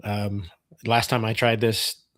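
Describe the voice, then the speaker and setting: A man's voice: on the low side, little pitch movement, slow pace, a bit bright, no echo. A man hosting a podcast in casual chat, easygoing and supportive, talking over a video call from home. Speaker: podcast host.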